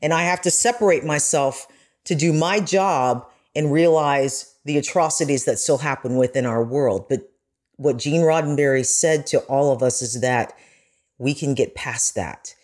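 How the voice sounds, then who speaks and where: A woman's voice: low voice, normal speed, a little mellow. A woman journalist, a podcast guest, talking earnestly and with feeling in casual conversation. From United States. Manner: earnest, growing emotional.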